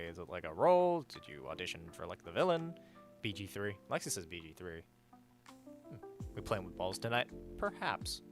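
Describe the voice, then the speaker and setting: A young male livestreamer with a medium-pitched, fairly bright voice chats casually while reading out chat messages and donations. He's blunt and rants with plenty of swearing.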